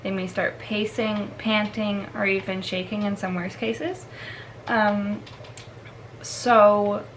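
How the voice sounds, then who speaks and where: Brief: casual woman vlogger, mid pitch, chatty, faint background hiss. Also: fairly bright tone, poor audio. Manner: chatty, laughs often, filler-heavy. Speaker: dog trainer. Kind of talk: casual instructional vlog.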